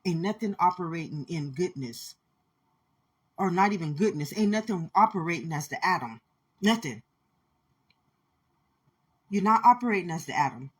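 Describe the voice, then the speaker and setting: A woman's voice: fairly low pitch, expressive, moderate pace, pauses often, slightly rough. A woman giving an impassioned spiritual monologue, speaking intensely and repeating her points as she addresses listeners directly.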